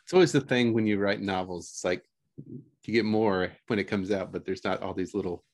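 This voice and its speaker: Low-ish guy hosting a book podcast, chill, laughs a lot. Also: brisk. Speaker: podcast host. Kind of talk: casual podcast chat.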